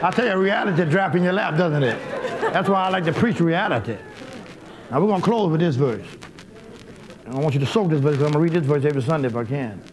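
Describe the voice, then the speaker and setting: Exuberant shouting preacher, lively pitch. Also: male voice, fast talker, background noise. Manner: folksy, talks directly to congregation members. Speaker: pastor. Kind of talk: sermon. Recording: live church with crowd audible.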